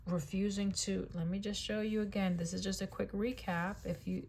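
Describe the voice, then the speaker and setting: A woman's voice: mid-range voice, level tone, normal speed, gravelly, darkish tone, slight background noise. A woman giving a casual tarot reading. She talks in a chatty way, repeats phrases, and keeps checking in with "right?" and "okay?". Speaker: tarot reader.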